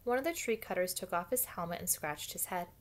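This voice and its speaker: A woman's voice: fairly low pitch, animated, a little fast. A woman reading a children's book aloud at home, with casual asides. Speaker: reader.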